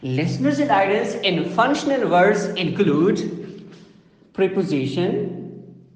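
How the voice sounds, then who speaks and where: A man giving a slow, deliberate lecture on phonology, repeating his points and listing terms one by one. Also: high voice, animated. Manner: slow, deliberate, repetitive phrasing with lists. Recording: echoey room with long reverb.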